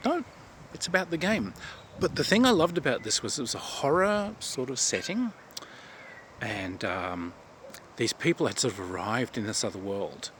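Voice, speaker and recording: A man's voice: mid-range voice, sing-song, moderate pace, fairly bright tone, slight background noise. A man hosting a casual chat about tabletop games, telling anecdotes and acting out his players' lines. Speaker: tabletop game host.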